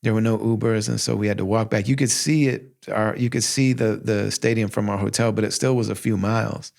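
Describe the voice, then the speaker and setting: A man in his forties hosts his own podcast, telling a personal story in a loose, conversational way. His voice sits fairly low with a gravelly edge, and he keeps breaking into animated quotes of himself. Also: a little fast. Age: 40s. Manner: animated, heartfelt, quotes himself in lively asides. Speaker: podcast host. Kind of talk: casual storytelling monologue.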